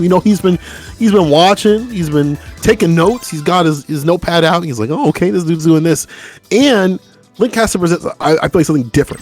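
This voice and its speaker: A man doing live fighting game commentary, excitable and chatty, talking to the stream chat. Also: fairly high pitch. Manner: excitable, hype, talks to chat. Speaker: esports commentator.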